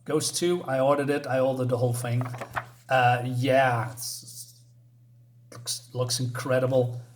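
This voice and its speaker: A man chats his way through a comic book review in a loose, casual manner. He rambles, stacking up fillers and restarting his sentences. His voice sits at an everyday middle pitch. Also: fairly even intonation, unhurried, slight background noise.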